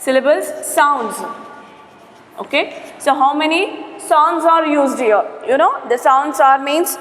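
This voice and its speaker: Slow, high-voiced woman teaching syllables. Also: a bit bright, a little hiss or hum. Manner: slow, repetitive, spells out syllables, frequent "okay". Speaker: English teacher. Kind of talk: classroom grammar lesson. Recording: roomy echo with long reverb.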